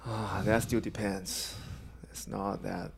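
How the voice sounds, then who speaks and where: Low gravelly man with a Chinese accent. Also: little pitch movement, a little hiss or hum. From China. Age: 30s. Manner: halting, plain phrasing with pauses. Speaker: guest, coach and police officer. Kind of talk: podcast interview.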